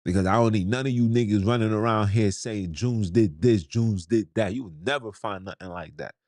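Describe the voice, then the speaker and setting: A man's voice: lowish voice, brisk, darkish tone, dry recording, studio quality. A man, hosting a podcast in a blunt, heated, slangy monologue. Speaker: podcast host. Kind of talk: ranting monologue.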